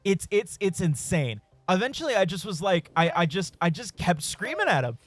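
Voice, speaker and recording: A man's voice: high voice, big pitch swings, normal speed, soft background music. A man streaming a game, rambling through a story in casual, profane chat with frequent chuckles. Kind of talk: casual storytelling while gaming.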